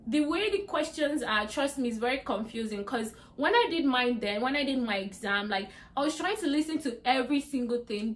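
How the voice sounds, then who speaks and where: Young woman, fairly high voice, chatty, informal, tips to camera. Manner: chatty, repeats "like" and "you get me". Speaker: YouTuber giving exam tips. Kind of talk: casual talk to camera.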